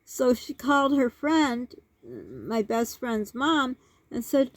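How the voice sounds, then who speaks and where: A woman's voice: on the high side, sing-song, takes it slowly, no echo. A woman in her sixties telling a childhood story in a rambling vlog, with many asides and restarts. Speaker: vlogger.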